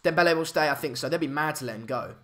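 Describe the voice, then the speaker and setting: A man's voice: a little high, racing. A young man, hosting a casual live stream chat, hesitant with many fillers and restarts. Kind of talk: casual live match chat, reading comments.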